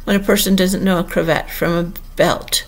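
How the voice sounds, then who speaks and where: A woman's voice: on the low side, steady tone, normal speed. A woman reading an audiobook and voicing a pompous, touchy egg-man perched on a wall, in a raised, blustering voice. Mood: lofty. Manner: blustering, haughty, loud. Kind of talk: audiobook character voice.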